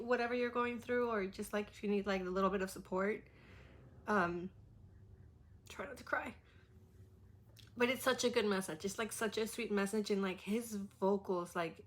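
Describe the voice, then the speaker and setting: A woman reacting to a new album, speaking in loose, gushing casual chat. She peppers every phrase with "like" and trails off into restarts as she gets emotional. Her pitch sits in an ordinary middle range. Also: fairly bright tone. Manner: heavy use of "like". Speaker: music reaction host.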